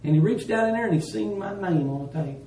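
A man preaching a sermon in a folksy, emphatic way, swinging from loud to hushed. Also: sits high, expressive, quick pace, a little hiss or hum. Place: church. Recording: roomy church sound from a distance.

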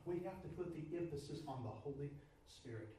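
A man preaching a sermon, moving from loud pleading prayer down to low, quiet speech. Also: lively intonation, brisk, very echoey, distant mic, slight background noise, low-quality recording.

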